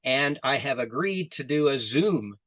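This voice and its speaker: A man telling a folk tale to friends over a video call, relaxed and often repeating his words. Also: medium pitch, unhurried, dry recording. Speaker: storyteller, group organizer. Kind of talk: oral storytelling narration.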